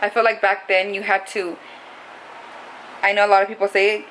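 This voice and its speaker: A woman's voice: mid-range voice, flat delivery, a little fast, bright, forceful tone, a little hiss or hum, low-quality recording. A young adult woman talking to camera in a casual, confessional vlog, rambling and saying "like" a lot. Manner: rambling, heavy use of "like". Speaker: vlogger.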